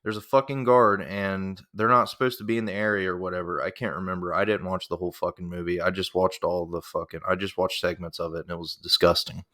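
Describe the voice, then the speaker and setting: A man's voice: deep voice, level tone, fast talker, hardly any pauses, sharp tone. A man delivering an angry, profane reaction rant, repeating himself as he works himself up. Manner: heated, profane and repetitive. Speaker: reaction commentator.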